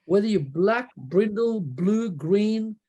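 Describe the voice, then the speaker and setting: A man's voice: sits high, expressive, slow pace, warm tone, dull audio. A man telling a story in a casual interview, rambling and often tagging "right?" onto his sentences. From Australia. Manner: rambling, repeats words, frequent "right?" tags. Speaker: interview guest.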